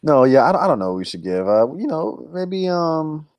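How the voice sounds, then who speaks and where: A man's voice: on the high side, very animated, moderate pace, a little mellow, no echo. A man co-hosting a podcast in casual chat, loose and joking, often calling his partner "man". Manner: laid-back, loose and joking, says "man" a lot. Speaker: podcast co-host.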